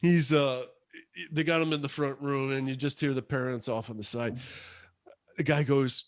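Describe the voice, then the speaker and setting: A man's voice: mid-range voice, fairly even intonation, normal speed, no echo, clean studio sound. A man in his fifties co-hosting a podcast, telling stories in a rambling, chuckling casual chat. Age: 50s. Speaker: podcast co-host.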